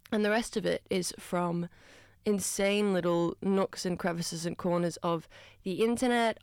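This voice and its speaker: A woman's voice: mid-range voice, clear, resonant tone, no room sound, clean studio sound. A woman hosting breakfast radio, talking in a chatty, self-deprecating way full of rambling asides. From Australia. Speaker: radio host. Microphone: studio microphone.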